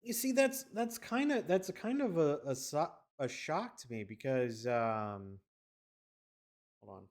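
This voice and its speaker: A man's voice: on the high side, animated, a little slow. Rambling, foul-mouthed male game streamer. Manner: rambling, profane storytelling with frequent restarts. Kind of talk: casual chat while gaming.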